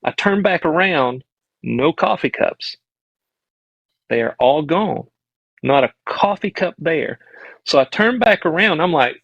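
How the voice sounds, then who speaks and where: A man's voice: fairly high pitch, lively intonation, a little slow, gravelly, pauses often, a bit bright, no echo, muffled recording. A middle-aged man with a Southern US accent, a podcast guest telling a childhood story in an earnest, rambling way that often restarts its sentences. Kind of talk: casual storytelling on a live stream.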